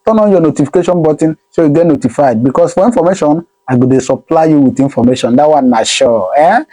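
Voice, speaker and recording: A man with a Nigerian accent giving animated casual commentary to camera, repeating phrases and mixing pidgin with English. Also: a little high, fast talker. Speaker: vlogger.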